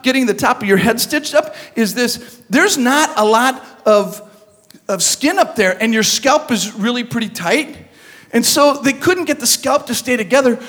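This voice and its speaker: A man with a very high, bright, forceful voice preaching to a youth gathering. He mixes comic storytelling with emphatic, shouted points and calls for the crowd to answer back. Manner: animated comic storytelling with call-and-response. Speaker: youth event speaker. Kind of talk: humorous sermon to a live audience.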